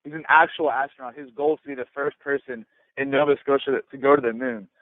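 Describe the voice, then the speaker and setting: A man's voice: mid-range voice, steady tone, quick pace, no echo. Eager man on a phone call. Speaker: team leader on a call. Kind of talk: casual phone chat. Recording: tinny dry phone line.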